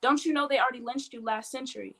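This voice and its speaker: A woman performing a spoken word poem at an online open mic, with a measured, emphatic delivery. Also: high-pitched, fairly even intonation, a bit bright, poor audio. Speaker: poet. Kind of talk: spoken word poetry reading. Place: home, online video call.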